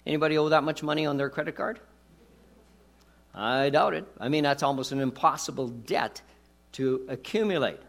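A man's voice: fairly high pitch, moderate pace, fairly bright tone. A man preaching a sermon as pastor, talking conversationally with rhetorical questions and jokes.

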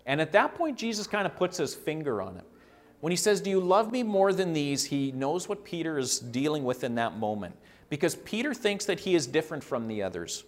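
Male preacher, slightly higher voice, earnest conversational sermon delivery with repetition for emphasis. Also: big pitch swings, fairly quick. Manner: earnest, repeats phrases for emphasis, acts out quoted lines.

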